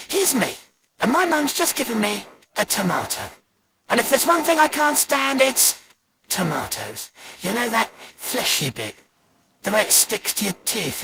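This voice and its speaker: A performer voicing an animatronic that grumbles and complains like a sulky child in a creaky voice. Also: medium pitch. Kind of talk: fan voice acting of a poem. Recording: noisy hiss.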